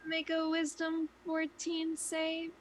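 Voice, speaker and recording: A woman's voice: very high-pitched, completely flat delivery, takes it slowly, slight background noise. A woman playing a tabletop game, chatting playfully with the game master. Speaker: player. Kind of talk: casual tabletop play.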